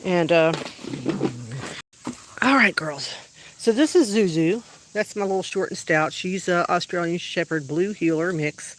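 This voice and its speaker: A dog owner chatting casually on a livestream from an outdoor backyard, rambling and now and then shouting to call the dogs. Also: medium pitch, a little slow, slight background noise, rough recording.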